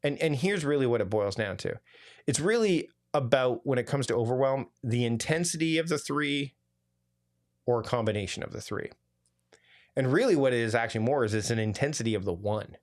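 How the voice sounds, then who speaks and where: A man coaching a live online workshop, talking in a chatty, animated way with lots of restarts and asides over a video call. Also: medium pitch, a little fast. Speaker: productivity coach leading a live online challenge. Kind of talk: casual live workshop talk.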